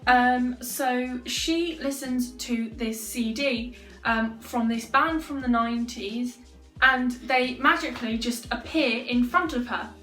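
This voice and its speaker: A woman's voice: fairly high pitch, takes it slowly, fairly bright tone. A young woman chatting casually to camera, rambling with many fillers and joking asides. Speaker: vlogger. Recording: roomy sound from a distant mic, faint music behind.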